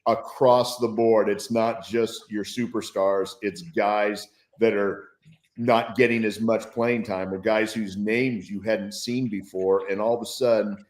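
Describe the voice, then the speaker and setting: A man with a fairly low voice, speaking as a guest analyst on a sports talk show. He talks things through with eager, reflective enthusiasm. His voice carries a roomy echo. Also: fairly even intonation, measured pace, a little mellow. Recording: roomy, echoey sound.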